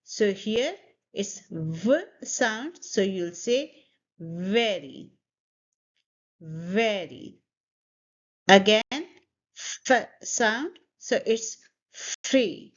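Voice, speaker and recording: A woman teaching English pronunciation, slowly demonstrating words and having students repeat them. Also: on the high side, expressive. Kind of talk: pronunciation lesson. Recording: dull lo-fi audio.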